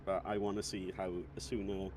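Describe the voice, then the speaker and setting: Deadpan low-voiced man, noisy mic. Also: a little fast. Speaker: friend in voice chat. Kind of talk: casual voice chat.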